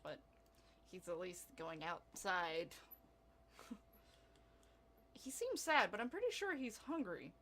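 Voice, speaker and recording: Her voice on the low side, a young gameplay commentator takes it slowly and pauses often as she plays a life-simulation game. She's giggly, excitable and chatty, laughing frequently.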